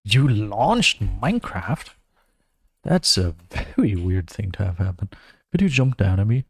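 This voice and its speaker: A man's voice: on the low side, big pitch swings, a little slow, slightly rough, no echo. Wry young man streaming a game. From Germany. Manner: wry, self-mocking running commentary. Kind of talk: casual gameplay commentary.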